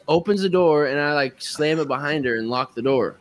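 A young man in his twenties, a musician guesting on a podcast, tells an anecdote in a casual, animated way, acting out his own reactions. His voice is fairly high and brisk, with a little hiss or hum in the recording.

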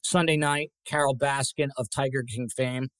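A chatty man hosting a live podcast panel. He reads viewer comments aloud and drifts into casual asides. The recording is dry and close, with a pitch in the middle range. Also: fairly even intonation, moderate pace, fairly bright tone, no room sound. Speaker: podcast host.

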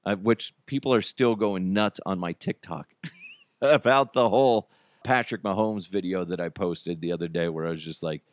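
Profane, animated male podcast host, dry sound. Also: low-pitched, normal speed, no echo. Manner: profane, swears freely; animated, laughs at his own jokes. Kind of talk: casual solo rant.

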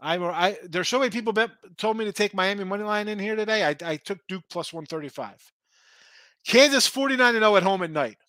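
A man hosting a sports betting show, chatting casually and answering viewer comments in a rambling, excitable way. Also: high-pitched, brisk, dry recording. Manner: rambling, excitable, talks back to chat. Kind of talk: casual live-stream chat reading viewer comments.

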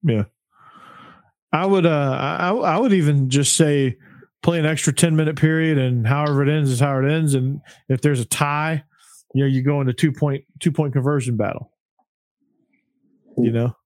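A man's voice: fairly high pitch, steady tone, moderate pace, long pauses, a little mellow, no echo. Chatty Southern man, dry close mic. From Southern US, Georgia. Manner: chatty, stammering restarts, laughs at own jokes. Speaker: podcast host. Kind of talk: casual sports chat.

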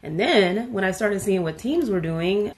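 A woman hosting a podcast, talking casually and with animated enthusiasm, full of fillers like "you know" and "like". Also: mid-range voice, a little slow, a little hiss or hum. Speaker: podcast host. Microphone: podcast mic.

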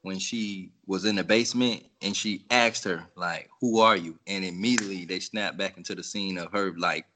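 A man's voice: sits low, fairly even intonation, normal speed, hardly any pauses, sharp tone, slight background noise. A man guesting on a casual podcast, talking easygoing and leaning on "like" as he makes his point. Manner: easygoing, leans on "like". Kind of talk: casual chat.

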